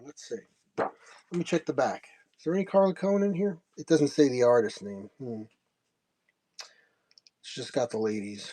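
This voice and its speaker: A man's voice: a little high, darkish tone. A middle-aged man hosting a comics stream, telling a rambling story in a casual way, chuckling often and acting out what others said. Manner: rambling, chuckling, acts out quoted dialogue. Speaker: host of a comics selling stream.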